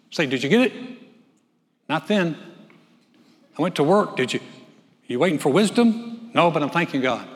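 A man preaching a sermon from the pulpit, animated, swinging from loud calls to hushed telling. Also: on the high side, normal speed, long pauses. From North Carolina. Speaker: pastor. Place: church sanctuary. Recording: long church hall reverb.

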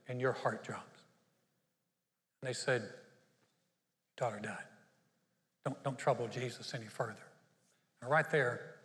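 A man's voice: medium pitch, a bit bright, long reverb tail. A man preaching a sermon as pastor, telling a Bible story and acting out its people. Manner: storytelling, acts out the Bible characters.

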